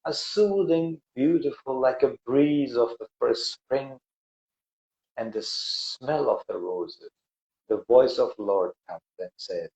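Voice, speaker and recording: A man hosting a podcast, retelling a spiritual parable with dramatic, preacher-like swells and hushes, emotional. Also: medium pitch, animated, takes it slowly, vocal fry. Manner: emotional, voice breaking. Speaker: podcast host. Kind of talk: emotional storytelling conversation. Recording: echoey, dull lo-fi room.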